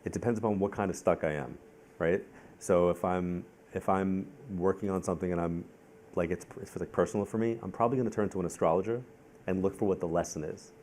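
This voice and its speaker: Low-voiced male psychic-medium guest from Long Island, quick, animated onstage storyteller. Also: slight background noise. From Long Island, New York. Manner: talks fast and repeats himself when in the zone. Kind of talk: live onstage conversation.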